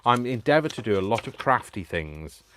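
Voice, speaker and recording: A man's voice: fairly low pitch, big pitch swings, normal speed, a bit bright, a little hiss or hum. A man hosting a live craft stream, chatty and self-mocking, laughing often as he works. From United Kingdom. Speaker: crafting channel host.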